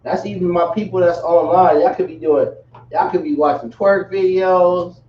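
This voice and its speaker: A man's voice: sits high, fairly even intonation, moderate pace, echoey room, lo-fi sound, a little hiss or hum. A man teaching a language class in a casual, repetitive way, calling his students y'all, recorded from a distant mic in a room.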